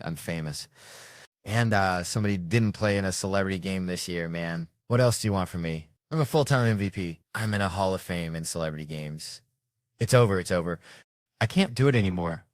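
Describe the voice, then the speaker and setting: A male comedian telling loud, profane stand-up stories and acting out the people in them. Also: low voice, no room sound, studio quality. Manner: loud, swearing, acting out characters. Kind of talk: stand-up storytelling.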